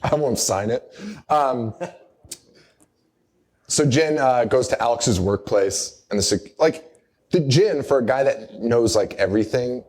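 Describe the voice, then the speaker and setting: A man's voice: mid-range voice, expressive, unhurried, long pauses, a little mellow. A young man hosting a live horror podcast, recapping a movie in rambling, casual banter with lots of laughter and acted-out quotes. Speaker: podcast host. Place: live show in a bar or venue.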